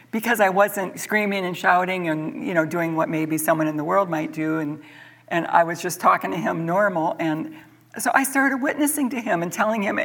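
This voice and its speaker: A woman's voice: fairly low pitch, fairly bright tone, slightly rough. A middle-aged woman teaching a church Bible study, telling a personal story earnestly and with animation, often repeating words as she goes.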